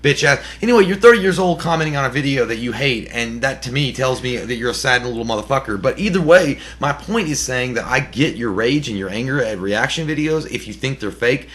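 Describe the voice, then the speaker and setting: A young man in easy podcast banter, foul-mouthed and quick to laugh. He fires back at a hater with rough, joking insults in a mid-pitched voice. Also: expressive, fairly bright tone. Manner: profane, laughing trash talk. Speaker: podcast co-host.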